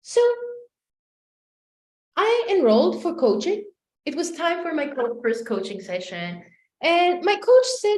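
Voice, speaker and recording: A woman's voice: sits high, a little slow, pauses often. Woman coach telling her story to an online crowd, bouncy voice, roomy echo. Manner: animated storytelling with acted-out quotes. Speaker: life coaching trainer and speaker. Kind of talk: motivational talk to a live online audience. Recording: echoey room.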